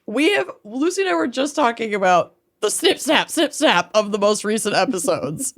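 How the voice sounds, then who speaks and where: A woman's voice: a little high, sing-song, no room sound, clean studio sound. A woman co-hosting a podcast, chatting casually in a giggly, playful way. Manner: giggly and playful, slow drawn-out delivery. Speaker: podcast co-host. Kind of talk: casual chat.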